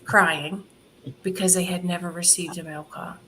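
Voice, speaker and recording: A woman in an interview telling her charity's story in an animated way, laughing often and quoting what others said. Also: lowish voice, normal speed, a little hiss or hum. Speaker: charity founder guest.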